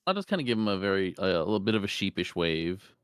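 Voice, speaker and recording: A man's voice: low-pitched, sing-song, fast talker, clean tone, no room sound, studio quality. A man playing a tabletop game, speaking for his character in a hesitant, sheepish way. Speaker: player.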